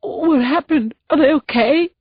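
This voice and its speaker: A woman's voice: high-pitched, measured pace, no echo, pitched above the performer's own voice. A woman voicing a grief-stricken burly man who is crying and pleading in a choked voice. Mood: desperate. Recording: dull, dry studio sound.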